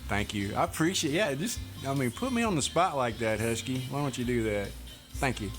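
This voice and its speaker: A man streams a truck driving game, chatting briskly with viewers in a mid-range voice with lively intonation. Relaxed and quick to laugh, he talks over faint background music.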